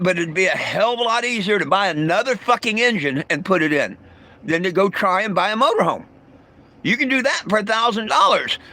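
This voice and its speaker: A man rants casually and bluntly to his livestream viewers, swearing, tripping over his words and often starting over. His voice is high with a sharp tone.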